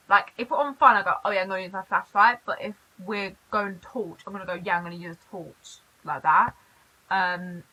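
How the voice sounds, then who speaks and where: A British woman from the UK chatting in a casual vlog, animated and quick to laugh. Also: medium pitch, husky, low-quality recording. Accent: British English. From United Kingdom. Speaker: YouTuber.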